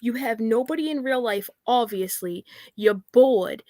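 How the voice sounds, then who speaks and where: High-voiced woman in an exasperated callout. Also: animated, a little slow, dark tone, dry recording, studio quality. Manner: exasperated, profane, calls people out. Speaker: livestream co-host. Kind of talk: angry livestream rant.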